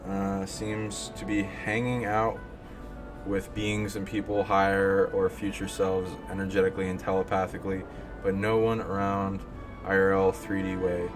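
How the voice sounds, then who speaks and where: Man, deep voice, monotone, rambling, fillers, game music behind. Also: normal speed. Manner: rambling, many fillers and restarts. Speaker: streamer. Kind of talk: casual live-stream chat.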